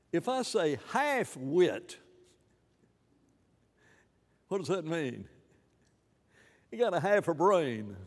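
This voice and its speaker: A man preaching a sermon in an animated, rambling way, with many restarts and fillers. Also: fairly high pitch, unhurried, long reverb tail.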